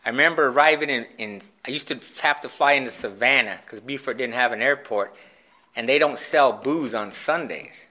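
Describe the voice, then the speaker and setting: A man telling his own recovery story in a candid, self-mocking way, with halting restarts. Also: mid-range voice, sharp tone. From Phoenix, Arizona, USA. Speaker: speaker sharing a recovery story. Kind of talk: personal storytelling talk at a recovery meeting.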